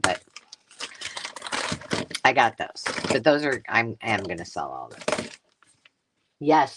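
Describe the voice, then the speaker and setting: Chatty crafter on a live stream, rambly, stops and restarts a lot, really bouncy pitch. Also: a bit bright, a little hiss or hum. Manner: rambling, self-interrupting storyteller.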